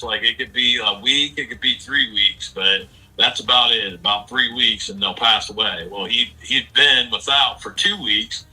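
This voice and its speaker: A man's voice: medium pitch, pushed and bright, recorded from a distance, rough recording. Blunt, profane man in his forties. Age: 40s. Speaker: streamer. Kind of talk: casual chat.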